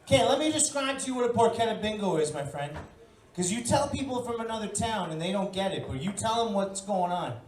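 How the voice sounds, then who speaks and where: A woman doing a profane stand-up set at a bar comedy night, telling a story and shouting her punchlines, with the audience laughing. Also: mid-range voice, expressive, fairly quick, slight background noise. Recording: echoey bar room from far off.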